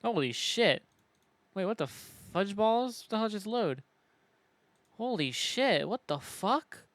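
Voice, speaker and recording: A man's voice: sits high, sing-song, takes it slowly, a bit bright, dry recording. A man chatting casually on a live stream, judging game maps, profane and joking with frequent laughter.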